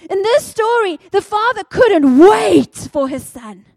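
A woman's voice: very high voice, lively intonation, takes it slowly, vocal fry, darkish tone, no echo. A woman preaching a sermon, telling a parable dramatically and acting out the characters' cries.

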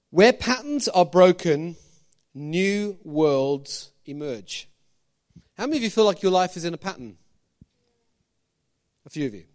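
A man preaching a sermon as pastor, animated, firing questions at the congregation with jokey asides. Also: a little high.

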